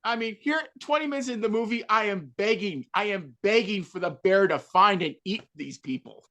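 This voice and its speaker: A woman co-hosting a podcast, telling stories in an animated, sarcastic way during a casual panel chat. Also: medium pitch, normal speed. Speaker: podcast co-host.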